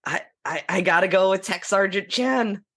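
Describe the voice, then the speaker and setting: Musing man guest, slightly high voice. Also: normal speed, fairly bright tone, no room sound, clean studio sound. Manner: musing, hesitant. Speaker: podcast guest. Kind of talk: casual chat.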